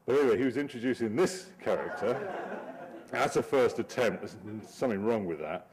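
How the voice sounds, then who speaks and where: A man's voice: medium pitch, lively intonation, brisk, a crowd in the background. A middle-aged man, a cartoonist giving a wry, digressive talk over his slides and laughing often. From Britain.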